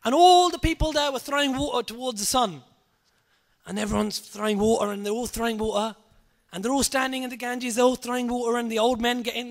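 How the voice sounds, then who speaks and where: A man giving an animated storytelling sermon, repeating phrases and acting out voices. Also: very high-pitched. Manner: animated, repetitive, acts out voices. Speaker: Sikh preacher.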